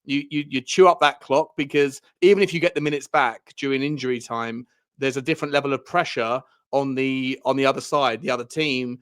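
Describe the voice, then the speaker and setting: A man's voice: mid-range voice, fairly quick, fairly bright tone, clear, resonant tone. A man co-hosting a football podcast in casual chat, rambling, with many fillers and restarts.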